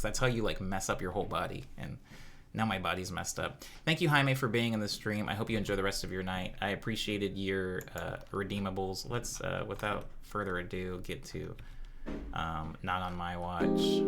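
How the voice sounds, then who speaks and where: A man's voice: deep voice, moderate pace, a bit bright, faint music behind. A man hosting a live stream, chatting casually, joking and reacting to his chat. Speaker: livestream host.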